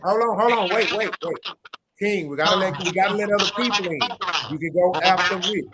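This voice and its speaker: High-voiced moderator with crowd noise behind. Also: male voice, fairly quick. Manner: urgent, pleading for order. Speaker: panel moderator. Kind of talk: moderating a panel.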